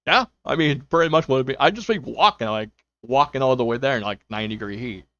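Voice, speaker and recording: Faint music plays under a dull lo-fi mic as a young man rambles casually to his stream viewers from home, full of fillers and quoted self-talk. He speaks fast in a medium-pitched, slightly bright voice, with no room sound.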